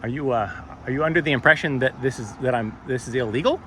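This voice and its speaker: A man's voice: mid-range voice, a bit bright. Wry sarcastic man filming on a sidewalk. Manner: sarcastic, wry, halting with many fillers. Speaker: first amendment auditor filming in public. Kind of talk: casual on-camera commentary. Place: public sidewalk outdoors. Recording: outdoor street noise. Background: street and traffic noise.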